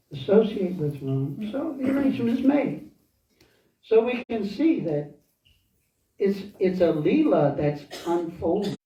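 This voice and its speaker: Slow, unhurried man in an echoey hall. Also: a little high. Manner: slow, with pauses, searching for words and chuckling. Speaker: temple speaker. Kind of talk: devotional lecture, storytelling. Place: temple hall. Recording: echoey, dull, from far off.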